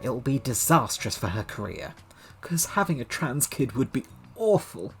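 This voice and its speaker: A man's voice: mid-range voice, big pitch swings, moderate pace, fairly bright tone, slight background noise. A man casually reviewing a novel, chatty and sardonic, reading passages aloud and laughing often. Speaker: book reviewer and reader. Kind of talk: casual book commentary with read-aloud passages.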